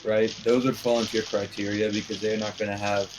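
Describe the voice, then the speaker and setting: A man's voice: on the low side, level tone, fairly quick, music in the background. A man in casual chat over a card game, arguing in a crude, joking way. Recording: noisy background.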